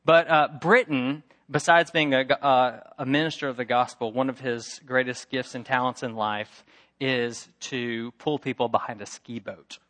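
A man's voice: mid-range voice, fairly even intonation, normal speed, a bit bright. A middle-aged man preaching a sermon, telling a story with emphatic repetition and acting out the voices of its characters. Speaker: pastor.

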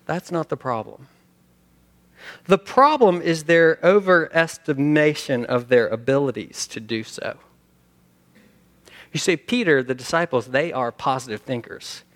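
A male pastor preaching a sermon, animated, acting out the quoted lines with sudden shifts between loud and soft. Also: mid-range voice. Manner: animated, acts out quotes, sings hymn lines.

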